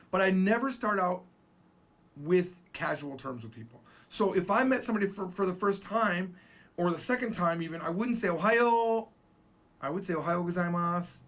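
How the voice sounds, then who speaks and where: A man in his forties giving a casual spoken language lesson, chatty and emphatic, repeating phrases slowly for practice. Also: high voice, a bit bright. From Japan. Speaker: language teacher.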